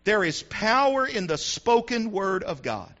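A man preaching a sermon to his congregation, animated and preacherly, acting out the voices he quotes. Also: sits high, a little slow, lo-fi sound. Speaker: pastor. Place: church sanctuary with congregation.

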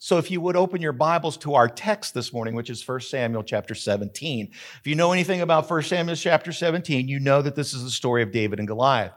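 A man's voice: mid-range voice, lively intonation, fast talker. A middle-aged man preaching a sermon as pastor, emphatic, drawing out key words.

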